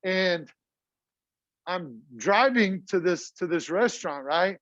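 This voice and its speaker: A chatty middle-aged math teacher with a high voice. He talks to his class in a casual, talkative way. The classroom recording sounds dull and dry. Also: animated, slow, a bit bright, no room sound.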